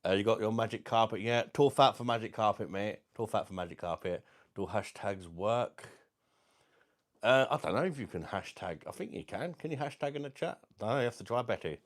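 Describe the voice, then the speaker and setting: A man's voice: on the low side, a little fast. A man hosting a casual livestream beer review, chatty and jokey as he greets viewers by name.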